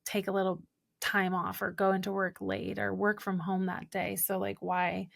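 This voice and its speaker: A woman's voice: medium pitch, creaky. Young woman guest, a coach on a podcast. Talks candidly and with animation, in a middling voice. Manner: animated, quick and candid, acting out quoted remarks. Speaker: guest, holistic business coach. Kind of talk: casual podcast conversation.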